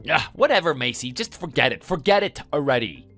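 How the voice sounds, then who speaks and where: A text-to-speech voice voicing a whiny, lazy young husband who blusters and then pleads in a text-message story. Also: male voice, fairly high pitch, very animated, brisk, a bit bright, faint music behind. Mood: irritated. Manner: whining, blustering.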